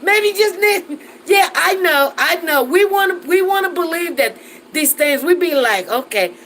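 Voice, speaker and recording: A woman's voice: very high voice, unhurried, a bit bright, a little hiss or hum, poor audio. A woman in her forties hosting a casual live chat, reading viewer comments and laughing often as she talks. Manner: chatty and laughing, with Southern Black American vernacular.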